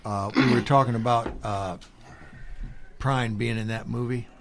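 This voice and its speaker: A man's voice: mid-range voice, fairly even intonation, measured pace, creaky, over loud music. A male musician telling a story on live radio in a rambling, laid-back way, with many fillers. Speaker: musician guest. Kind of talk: casual storytelling.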